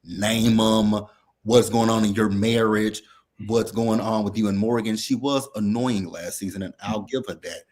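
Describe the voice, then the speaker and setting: A man's voice: lowish voice, fairly even intonation, measured pace, darkish tone. A man co-hosting a casual recap chat, blunt, profane and worked up as he talks. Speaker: podcast co-host.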